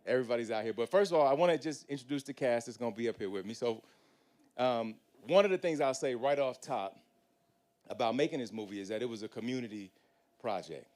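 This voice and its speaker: A man hosting a live panel, introducing guests with energetic, preacher-like hype and casual slang. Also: mid-range voice, fast talker. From United States. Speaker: panel host.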